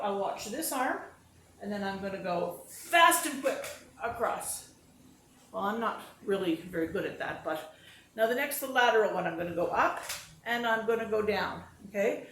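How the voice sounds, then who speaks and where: A woman's voice: mid-range voice, expressive, normal speed, fairly bright tone, a little hiss or hum. A woman chatting casually to camera, self-deprecating, talking through each movement as she goes. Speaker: vlogger demonstrating exercises and telling stories. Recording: roomy echo with faint ambience.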